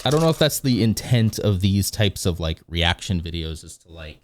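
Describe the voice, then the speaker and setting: A man's voice: low-pitched, sing-song, moderate pace. A man streaming live, chatting casually while reacting to videos and reading chat, rambling and correcting himself often. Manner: rambling, self-correcting, reads chat aloud.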